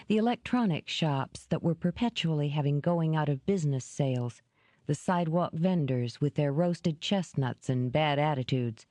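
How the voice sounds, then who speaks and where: A woman narrating a novel in an audiobook, with lively, expressive storytelling. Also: low-pitched, dry recording. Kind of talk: scripted narration.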